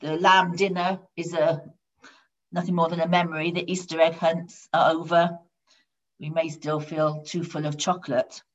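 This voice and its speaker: Dull, lo-fi audio captures a woman delivering a sermon. Her pitch is on the low side for a woman, and she tells her stories in a calm, measured, even way.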